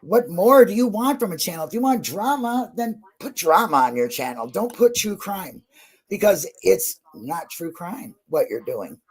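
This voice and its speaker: Emotional woman on a true crime stream, husky voice, gushing one sec and blunt and sweary the next. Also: fairly low pitch, animated, normal speed. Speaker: true crime channel guest. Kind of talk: casual livestream chat.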